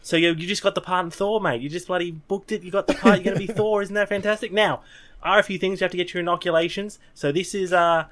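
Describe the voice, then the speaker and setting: A man's voice: high-pitched, steady tone, fast talker, a bit bright, voice pushed up. An Australian man playing a brash showbiz manager who talks in a blokey, casually swearing way.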